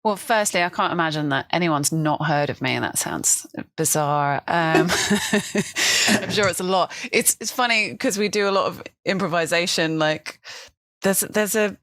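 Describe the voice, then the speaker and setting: A woman's voice: lowish voice, measured pace, fairly bright tone, no echo. A woman chatting casually as a podcast guest, self-mocking and laughing often. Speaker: guest improviser.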